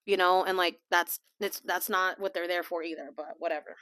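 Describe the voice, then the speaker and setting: A woman hosting a casual podcast, chatty and laughing often, slipping into quiet asides. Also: lowish voice, fairly even intonation, fairly quick, no room sound, studio quality. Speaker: podcast host. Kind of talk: casual chat. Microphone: small desk mic.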